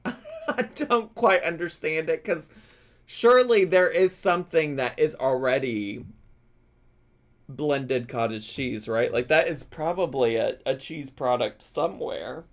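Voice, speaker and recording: Slow, lively, giggly male streamer. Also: mid-range voice. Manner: wry, giggly, thinks out loud. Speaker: streamer reacting to a cooking video. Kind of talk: casual live-stream commentary. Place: home with his dog.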